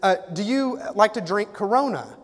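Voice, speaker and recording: A man's voice: high voice, normal speed, in a large hall, voice pushed up. Man doing a chummy, pumped-up mall salesman. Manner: chummy, excited, casual slang. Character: pushy upbeat male mall salesman, buddy-buddy.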